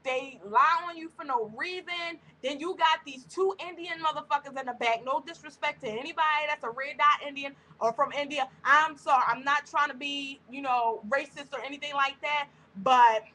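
A woman's voice: sits high, moderate pace, pushed and bright, slight background noise, rough recording. A woman vlogger in an angry rant to camera, blunt and heated, cursing heavily.

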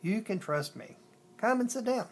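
A storyteller puts on a spry old artist, a man in his seventies who booms his words out with jovial energy and a lively, rising pitch. He sounds kind, even when he speaks firmly. The sound is steady and fairly plain. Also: normal speed, a little hiss or hum. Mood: gentle. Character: playful old male artist, loud and kind.

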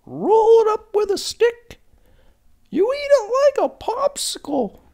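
A performer voicing Linda, a chirpy woman with a squeaky high voice who folksily mangles French phrases in a comedy sketch. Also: huge pitch swings, takes it slowly, gravelly, warm tone, heavily acted. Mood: chatty.

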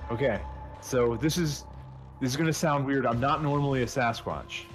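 A man's voice: medium pitch, normal speed, soft background music. Bewildered man playing a tabletop game. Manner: bewildered, swearing, joking. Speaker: player. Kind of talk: in-character tabletop play.

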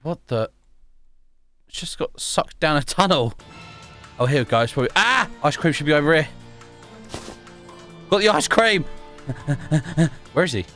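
A man narrates his gameplay in a quick, chatty stream of commentary, exclaiming and laughing as he goes. His voice sits a little high for a man. Soft game music plays faintly underneath. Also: animated. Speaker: gaming YouTuber.

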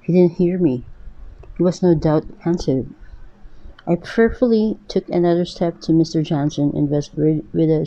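A narrator reading a first-person story aloud in an earnest, even way. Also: mid-range voice. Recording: dull lo-fi recording.

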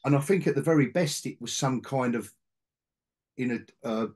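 A man's voice: medium pitch, moderate pace, darkish tone. A middle-aged man hosting a casual podcast chat about comics, rambling with restarts and asides. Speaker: podcast host, comic collector.

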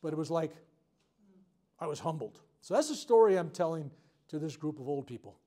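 Animated storytelling reverend, a man. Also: on the high side, a little fast. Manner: animated storytelling, loud outbursts at dramatic moments; frank, unscripted, heartfelt. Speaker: reverend leading a self-healing workshop. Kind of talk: storytelling talk to a live group. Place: workshop room with a live audience.

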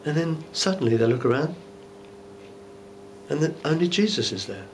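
Musing aloud with conversational rhetorical asides, a man who is a bishop delivers an informal Bible teaching sermon in church. His voice is on the high side and sing-song, at a moderate pace, with a little hiss or hum in the recording.

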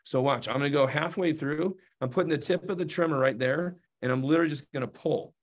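A man's voice: a little high, fast talker. A man giving a hands-on cooking demonstration, chatty and playful, often checking in with his audience. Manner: playful asides while demonstrating. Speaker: knife demonstrator.

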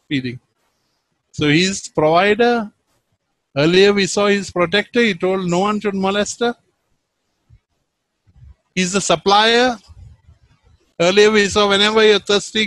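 A man preaching a sermon, reading Bible verses and swinging from loud emphasis to hushed tones. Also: sits high, dry recording, low-quality recording.

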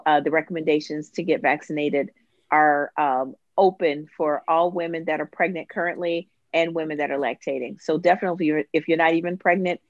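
A woman gynecologist on a panel discussion, talking in a halting way with many restarts and fillers over a video call. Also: low-pitched, no room sound, muffled recording. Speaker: obstetrician-gynecologist guest.

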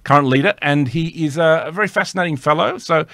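A man's voice: on the high side, fast, a bit bright, dry recording. A man hosting his own show, giving casual political commentary in a rambling, tongue-in-cheek way with many fillers. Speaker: host.

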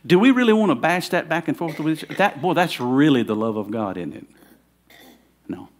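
A man's voice: a little high, expressive, fairly quick. A middle-aged man, preaching a sermon in a conversational way that builds to fervent emphasis. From Southern United States. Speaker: pastor.

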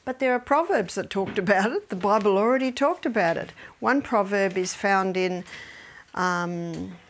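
A middle-aged woman giving a health seminar that weaves in Bible teaching. She tells stories lively, laughs often, and drops to a soft whisper for emphasis. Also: mid-range voice, moderate pace, slight background noise. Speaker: health educator.

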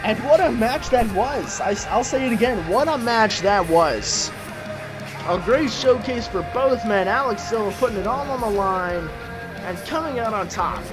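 A man doing play-by-play wrestling commentary, excitable and bursting into shouts at the big moments. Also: high voice, normal speed. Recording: clear music playing behind. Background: music.

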